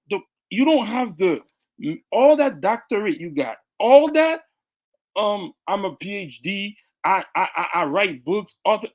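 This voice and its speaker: A man co-hosting a podcast who comments casually and with emphasis, often repeating his words as he makes his point. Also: sits high. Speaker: podcast co-host.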